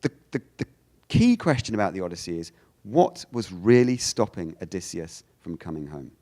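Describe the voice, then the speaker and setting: A man from the United Kingdom giving a lecture, animated, often restarting his sentences and acting out quoted lines. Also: sits low, moderate pace. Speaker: speaker giving a talk.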